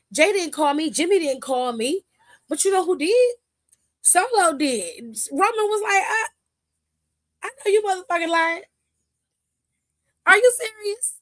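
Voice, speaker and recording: A woman hosting a wrestling recap, telling it in animated casual chat and acting out the quotes. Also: sits high, no echo, studio quality.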